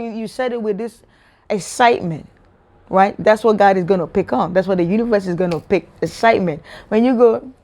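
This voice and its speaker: A woman delivers a loose spiritual talk to her online viewers. She preaches in an informal way, keeps asking them rhetorical questions and addresses them as y'all, in a voice of ordinary pitch. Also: brisk, a little mellow. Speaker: spiritual vlogger. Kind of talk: casual spiritual monologue to camera.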